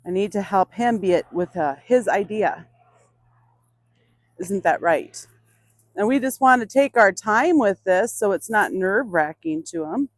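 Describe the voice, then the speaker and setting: A woman's voice: mid-range voice, animated, a little slow, no room sound. Patient woman coaxing a burro. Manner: patient, coaxing the animal in a soft voice between explanations to viewers. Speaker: burro trainer. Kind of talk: hands-on training demonstration.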